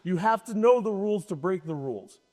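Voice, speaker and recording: A man's voice: high-pitched, lively intonation, brisk, darkish tone, long reverb tail. A man co-hosting a podcast in casual chat, talking in a rambling, emphatic way and often restarting his sentences. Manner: rambling, self-interrupting, emphatic. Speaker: podcast co-host.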